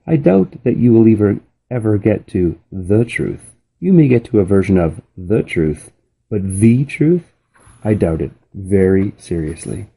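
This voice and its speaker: A man voicing a pompous know-it-all boy who drags out his words in doubt, close to his own dark, gravelly voice. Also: fairly low pitch, very animated, a little slow, heavily acted, rough recording.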